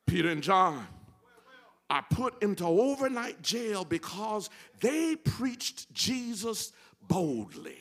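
Male pastor, high and animated, gravelly edge, sermon that swells into rhythmic shouts. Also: slow pace. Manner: rhythmic call-and-response preaching, rising to shouts. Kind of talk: preaching a sermon. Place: church sanctuary.

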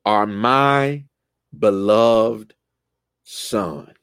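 A man leading a church Bible study, animated and lively, often rising in pitch and restarting his sentences. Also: no room sound.

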